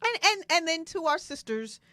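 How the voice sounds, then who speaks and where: A woman's voice: extremely high pitch, big pitch swings, normal speed, bright, forceful tone, no room sound. A woman co-hosting a casual talk show, speaking frankly, often laughing and acting out quotes. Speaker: co-host.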